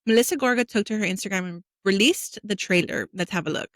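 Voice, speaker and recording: A woman's voice: medium pitch, lively intonation, fast, a bit bright, dry recording. A woman hosting a casual commentary show, talking straight to her viewers in a chatty way. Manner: chatty, addressing viewers directly. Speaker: host.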